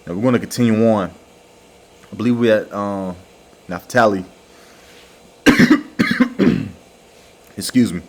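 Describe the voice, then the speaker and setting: A man giving an informal religious lesson, slowly repeating words and checking in with "all right" and "okay" after each point. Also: on the low side. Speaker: religious teacher.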